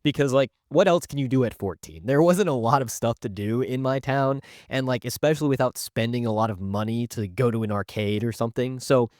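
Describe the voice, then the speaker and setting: A young man spins a story for his viewers in a loose, chatty way, peppering every line with filler and little jokes. His voice sits at an ordinary middle pitch. The sound is dry and close, with no room around it. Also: fairly quick, few pauses, a little mellow, no echo. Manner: chatty, filler-heavy, jokey asides. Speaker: YouTuber telling stories. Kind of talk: casual storytime narration.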